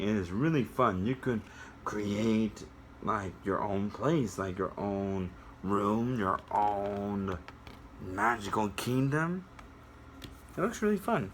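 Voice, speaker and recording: A man's voice: lowish voice, slight background noise. Sing-song man reading a kids' storybook. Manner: sing-song, animated, talks to kids directly. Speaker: children's story reader. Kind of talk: reading a picture book aloud to children with asides.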